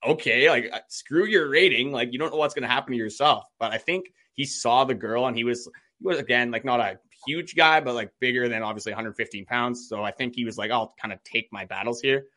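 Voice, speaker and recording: A man's voice: mid-range voice, fairly quick, bright, forceful tone. A man co-hosting a podcast, telling a story in a chatty way full of "like" and quoted dialogue. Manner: chatty, many "like" fillers, quotes himself. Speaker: podcast co-host. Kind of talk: casual storytelling chat.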